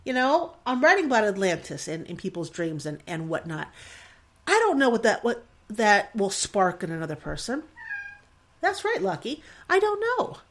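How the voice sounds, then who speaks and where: A woman's voice: medium pitch, big pitch swings, normal speed, a bit bright. A woman in her forties hosting a solo podcast, talking in a rambling, emotional and self-deprecating way with frequent laughs. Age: 40s. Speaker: podcast host. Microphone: desk mic in front of a screen.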